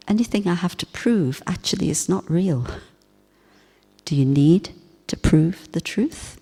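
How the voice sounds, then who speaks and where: A woman gives a spiritual talk in a low, mellow voice, unhurried and reflective. Her gentle, softly emphatic delivery carries a long reverb from a hall. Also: vocal fry. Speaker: spiritual teacher.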